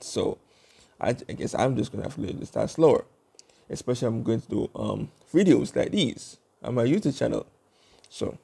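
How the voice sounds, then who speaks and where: A young man talks casually into his vlog, taking his time and wandering between points with plenty of fillers. His voice sits low and mellow, with a gravelly edge running through it. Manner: deliberate, rambling, with many fillers. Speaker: YouTube channel host.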